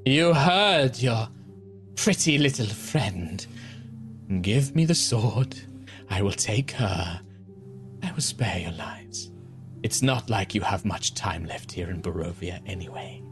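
Male game master voicing a cruel old hag witch villain, slow and menacing, low-pitched for a crone. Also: animated, soft background music.

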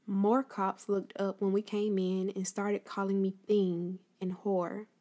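A woman's voice: medium pitch, little pitch movement, takes it slowly, dark tone. A woman talking casually to her listeners about a piece of history, then reading a book passage aloud. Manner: addresses listeners directly, conversational. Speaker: host telling a history story.

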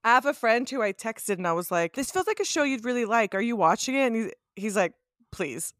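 A bubbly young woman co-hosting a casual podcast, enthusiastic and quick to laugh. Her voice sits a little high and sounds bright, with a dry, close recording. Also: animated, no echo. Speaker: podcast co-host. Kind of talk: casual chat.

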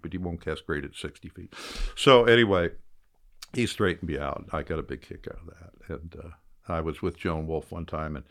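Deep-voiced older man telling fishing stories. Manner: animated, rambling anecdotes with self-mocking humor. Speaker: guest; fly fisherman. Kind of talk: storytelling in casual interview.

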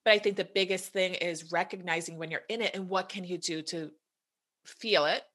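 A woman's voice: fairly low pitch, moderate pace, fairly bright tone. A woman in her thirties or forties from the United States, a health coach talking earnestly with many "you know"s in a casual podcast chat.

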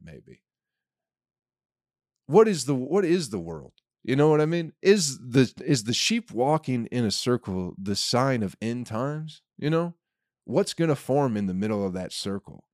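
A man's voice: lowish voice, a little mellow, dry recording, studio quality. A man hosting a comedy podcast, rambling in a casual monologue, swearing freely and acting out made-up scenes. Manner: rambling, profane, acts out hypothetical scenes.

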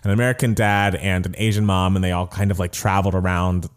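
Man, lowish voice, chatty, animated, laughs a lot, casual podcast talk. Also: quick pace, smooth. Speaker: podcast co-host. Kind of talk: casual chat about movies and music.

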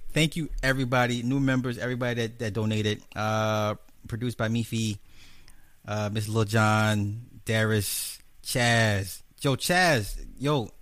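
A man's voice: mid-range voice, a bit bright, dry recording. A man hosting a livestream, wrapping up a debate in a blunt, profane, rambling way. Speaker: host.

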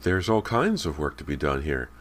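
A man reading an audiobook, voicing an anxious, fretful mother who speaks fast and a little too brightly. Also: extremely low pitch, sing-song, heavily acted. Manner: quick, fretful, overbright.

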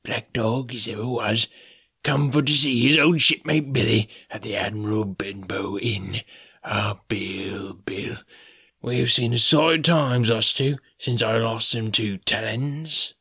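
A man doing a gravelly, wheedling old pirate. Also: mid-range voice, unhurried, pushed and bright, dry recording, studio quality, heavily acted. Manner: wheedling, half fawning, half sneering. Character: sly fawning middle-aged male pirate. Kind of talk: audiobook character voice.

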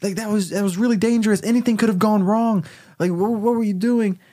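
An exasperated young time traveler scolds in a hushed but urgent whisper-yell, as a man puts him on. His voice sits well above a normal speaking pitch, and the words tumble out quickly. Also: fairly even intonation. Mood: scolding.

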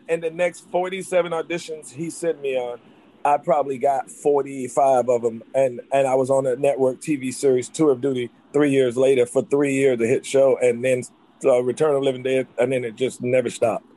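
A man from North Carolina, an actor, telling his life story in an interview with rapid, excitable talk full of restarts. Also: medium pitch. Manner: rapid, excitable, jumps back and forth with restarts.

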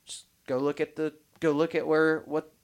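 A man's voice: on the high side, moderate pace. Rambling podcast host man. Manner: rambling, restarts often, animated when telling stories. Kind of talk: casual podcast chat.

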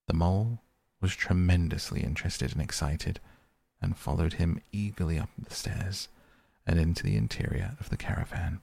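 Soft bedtime audiobook reader, deep husky man. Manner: soft, slow, calm reading. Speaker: podcast host and reader.

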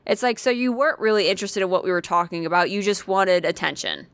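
A woman's voice: mid-range voice, fast, fairly bright tone, clear, resonant tone, dry recording. Woman ranting about work stuff, cusses a lot, acts out the quotes, dry close sound. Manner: blunt, swears often, acts out quotes. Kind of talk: casual storytelling chat.

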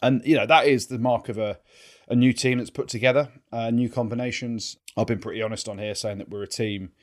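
Fast-talking English man, chatty. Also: mid-range voice, steady tone. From England. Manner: chatty storyteller, swears freely. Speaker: co-host, former rugby player. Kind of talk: casual podcast chat.

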